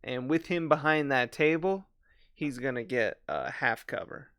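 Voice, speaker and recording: A man's voice: medium pitch, animated, measured pace, fairly bright tone, clean tone, no echo, studio quality. A man narrating as game master for a tabletop game, describing the action and clarifying the rules.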